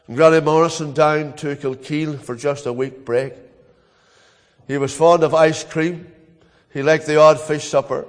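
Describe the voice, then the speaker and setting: An older man with a Northern Irish accent preaching a sermon as a pastor, telling stories earnestly with dramatic pauses. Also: on the high side, fairly even intonation, in a large hall.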